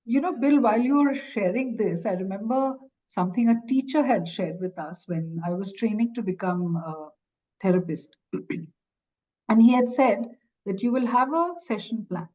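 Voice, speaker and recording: A woman's voice: medium pitch, animated, moderate pace, darkish tone. A woman hosting a podcast interview, asking her guest questions thoughtfully with hesitant fillers. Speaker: podcast host. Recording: slightly dull, lo-fi sound.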